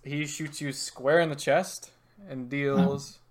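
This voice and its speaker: A man narrates a tabletop game as its game master. He keeps a laid-back pace and chuckles often as he describes each turn. His voice sits at a middling pitch. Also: level tone, slow pace, background noise.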